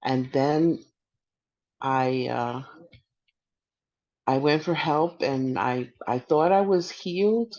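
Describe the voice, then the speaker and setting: A middle-aged woman veteran giving personal testimony on a panel, halting and hesitant with many restarts. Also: a bass voice, mellow. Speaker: veteran panelist and peer support worker. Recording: muffled lo-fi audio.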